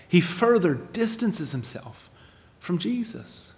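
Guy preaching, goes from emphatic to almost hushed, lots of rhetorical questions, long echo like a church hall. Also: mid-range voice, a little slow. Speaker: pastor. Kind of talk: sermon.

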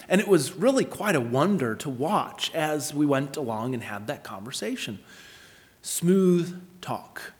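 A man preaching a sermon in an earnest, explanatory way, with lively storytelling asides. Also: medium pitch, a little slow. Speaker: pastor. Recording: long hall reverb.

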